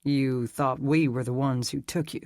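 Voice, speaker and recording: Narrator voicing a wisecracking Texan captive; wry delivery, dry audiobook read. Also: male voice, medium pitch, fairly even intonation, normal speed, darkish tone, dry recording, natural voice. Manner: joking, wry. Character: wisecracking lanky Texan man prisoner.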